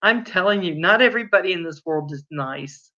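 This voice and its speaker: A chatty woman hosts a casual livestream, greeting viewers by name and telling little stories. Her voice is bright and forward. The recording sounds dull and lo-fi. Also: lowish voice, lively intonation, a little fast. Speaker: livestream host.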